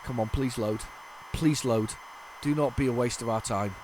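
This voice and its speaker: A man hosting a retro gaming channel, giving chatty, excitable gameplay commentary with jokey, self-mocking asides to his viewers. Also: mid-range voice, moderate pace, few pauses, background noise. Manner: excitable, chatty, talks to viewers while playing.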